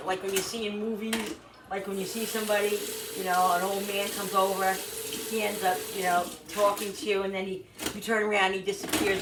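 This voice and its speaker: A middle-aged woman telling a personal story in an emotional, rambling vlog, repeating herself as she goes. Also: medium pitch. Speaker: vlogger. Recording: roomy echo, mic at a distance, noisy.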